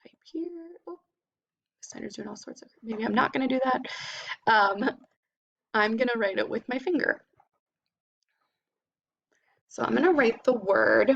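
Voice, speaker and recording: Patient woman teaching phonics, gravelly edge. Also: fairly high pitch, fairly bright tone, lo-fi sound. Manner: slow, patient, sounding out words. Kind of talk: phonics lesson.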